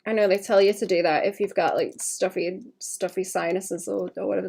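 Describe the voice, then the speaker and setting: A woman's voice: medium pitch, steady tone, a little fast, gravelly, few pauses, a little mellow, husky. A woman chatting casually to her stream while drawing, with a slight cough. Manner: chatty, rambling, talks to chat between drawing. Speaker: livestreaming illustrator.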